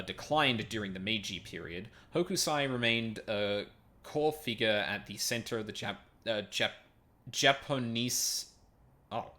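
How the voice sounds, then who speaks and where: A man's voice: on the low side, sharp tone. A man streaming a video game, reading its text aloud and stumbling over unfamiliar words, with casual sweary asides.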